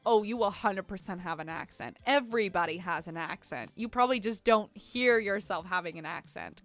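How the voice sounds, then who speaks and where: A woman's voice: mid-range voice, a bit bright. Chatty woman streamer. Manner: rambling and chatty, many fillers, laughs often. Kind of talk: casual live-stream chat while editing photos.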